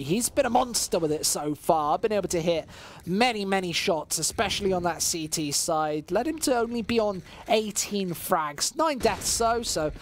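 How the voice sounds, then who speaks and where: A man with a West Midlands English accent doing solo play-by-play commentary on a live stream, casual and chatty with chat, surging loud and high on big plays. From West Midlands, England. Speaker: esports commentator.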